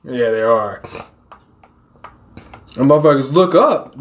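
A man hosting a manga reaction show, talking casually and excitably, swearing freely and breaking into shouted exclamations. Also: mid-range voice, normal speed.

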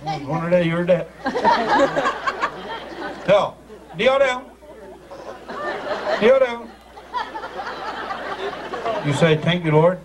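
A man's voice: high-pitched, lively intonation, slow pace, pauses often. Boisterous man amid a noisy crowd. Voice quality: boisterous, teasing, laughing. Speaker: ceremony master. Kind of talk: joking ceremony patter. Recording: noisy crowd, distant amateur video.

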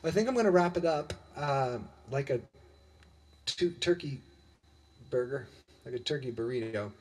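Slow-talking man hosting a live singalong stream. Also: fairly high pitch, fairly bright tone, husky. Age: middle-aged. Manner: chatty, greets viewers by name. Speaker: livestream musician host. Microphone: webcam or computer mic. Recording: faint guitar music behind.

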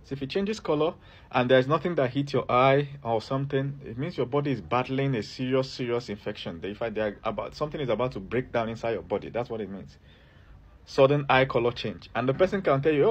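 A man's voice: medium pitch, expressive, a little fast, husky, dull audio. A man who works as a herbalist, giving health advice straight to camera in an emphatic, repetitive way and keeps asking the viewer to look and listen. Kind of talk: direct-to-camera advice video.

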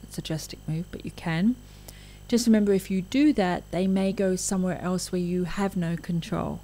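A woman's voice: lowish voice, normal speed, warm tone, poor audio. Frank woman giving a lecture. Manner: frank, conversational, with asides. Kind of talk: recorded lecture.

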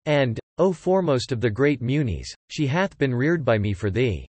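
A man's voice: mid-range voice, big pitch swings, normal speed, darkish tone, breathy edge, no room sound. A man voicing a dignified serpent king in a read-aloud epic, speaking with formal assurance. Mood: assuring.

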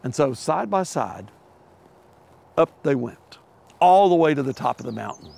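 A man's voice: mid-range voice, big pitch swings, unhurried, vocal fry, warm tone. A middle-aged man preaching a sermon, telling a children's animal story with playful voices before turning to its lesson. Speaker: pastor.

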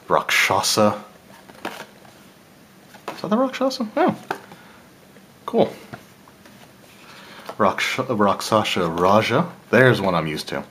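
Slow-talking man with a low voice. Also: slight background noise. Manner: relaxed, thinking aloud, small laughs and self-corrections. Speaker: channel host reviewing game cards. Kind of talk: casual unboxing commentary.

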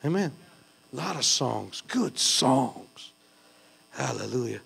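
A man's voice: medium pitch, sing-song, slow, creaky, long pauses, a bit bright, slightly rough. A middle-aged man from the Philippines, preaching a sermon in a conversational, self-deprecating way with bursts of fervor. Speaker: pastor.

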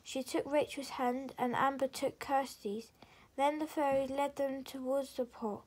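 A woman reading a children's storybook aloud in a soft, gentle, half-whispered way. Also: sits high, steady tone, a little slow, poor audio.

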